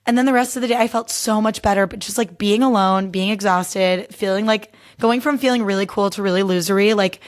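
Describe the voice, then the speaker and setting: A woman's voice: medium pitch, fairly even intonation, brisk, few pauses. A young adult woman hosting her own podcast, talking candidly in a chatty, casual way and leaning heavily on "like". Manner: chatty and candid, heavy use of "like". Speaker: podcast host. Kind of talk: casual solo podcast recap.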